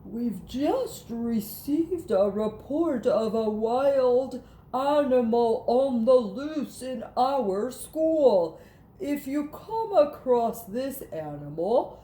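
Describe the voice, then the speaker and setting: A fussy older math teacher making a slow, solemn announcement to her class, as a woman reading aloud puts her on. She drags her words out, and her pitch swings widely. It sounds like an echoey room. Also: big pitch swings, dark tone, exaggerated voice.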